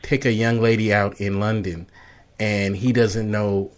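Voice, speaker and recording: Man, host, slightly low voice, easygoing, laughs a lot. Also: measured pace. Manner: laughs often, relaxed slangy chat. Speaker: interviewer host. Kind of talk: casual interview.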